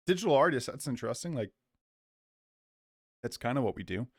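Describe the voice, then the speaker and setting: A man's voice: on the low side, expressive, a little fast, dry recording, studio quality. A young man giving rambling let's play commentary from a small home office, chatting to viewers and his dog. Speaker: gaming YouTuber.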